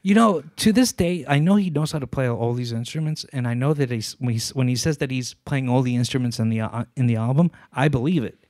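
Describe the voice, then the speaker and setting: A man co-hosting a podcast who explains his views earnestly and at length, slowing down to stress his points. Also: mid-range voice, a little mellow, no room sound, studio quality. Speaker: podcast co-host. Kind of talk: casual chat.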